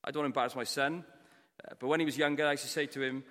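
A man's voice: mid-range voice, fairly even intonation, fast. Welsh man preaching in a reverberant hall. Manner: storytelling, swings between hushed and loud. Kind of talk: sermon. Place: church.

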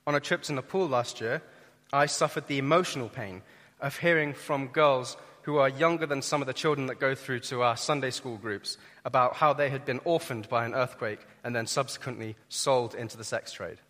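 A young man preaches to a congregation in an earnest, emphatic sermon voice of middling pitch. His delivery swells for key points and drops low for the heavier moments. His voice carries the long reverb of a large hall. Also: moderate pace, a bit bright. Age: young adult.

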